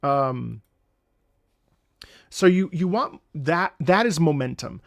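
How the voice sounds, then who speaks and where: A man's voice: on the high side, animated, slow pace, gravelly, long pauses. A man streaming casual commentary on game music, rambling with restarts and humming melodies into a close mic.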